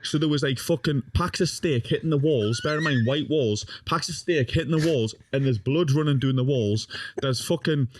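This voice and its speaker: A man's voice: mid-range voice, moderate pace, few pauses, slight background noise. A young man, a podcast guest, telling a funny story in casual talk, swearing often and laughing as he goes. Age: young adult.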